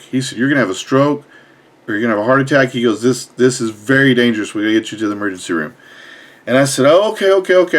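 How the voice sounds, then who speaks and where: A young man, telling a personal story in a casual, blunt, profane way. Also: medium pitch. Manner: blunt, profane, animated retelling. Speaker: fitness vlogger.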